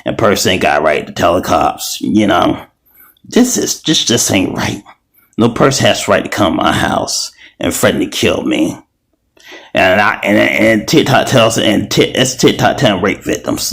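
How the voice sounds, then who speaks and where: Low-voiced man ranting with profanity. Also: lively intonation, moderate pace, creaky, a bit bright. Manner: profane, heated, repetitive ranting; stumbling restarts. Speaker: video creator. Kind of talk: angry ranting vlog.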